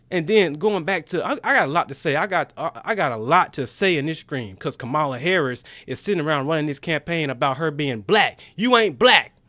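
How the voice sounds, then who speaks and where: A man's voice: sits high, fairly bright tone, no echo. A man in his twenties from Jackson, Mississippi, ranting defiantly about politics on a casual livestream and often repeating himself. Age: 20s.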